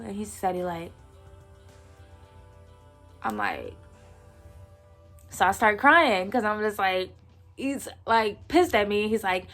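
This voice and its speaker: Chatty young woman with a gravelly edge. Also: mid-range voice, expressive, slow, long pauses, a bit bright, faint music behind. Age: 20s. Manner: chatty, slangy, acts out quotes. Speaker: vlogger. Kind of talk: casual storytime.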